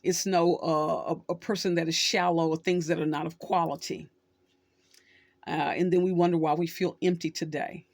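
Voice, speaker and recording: A woman's voice: lowish voice, flat delivery, normal speed, creaky, a little mellow, no room sound. Middle-aged lady host just chatting, retelling a story, dry close sound. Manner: conversational, storytelling with acted quotes. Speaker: social worker and channel host. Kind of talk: casual talk to camera.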